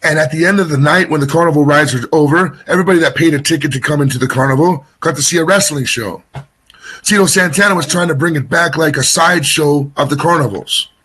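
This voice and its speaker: A man's voice: fairly high pitch, quick pace, fairly bright tone, husky. A man being interviewed as a wrestling guest, telling a long story casually, rambling and getting sidetracked with many restarts.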